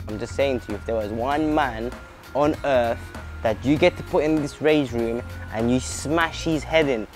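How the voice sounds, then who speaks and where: Guy bantering with his co-host, deadpan jabs, mid pitch, faint music. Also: moderate pace. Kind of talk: casual comedic news chat.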